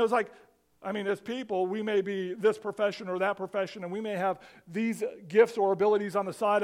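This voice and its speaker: A man preaching a sermon as pastor, animated and conversational, often restarting his phrases. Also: high-pitched.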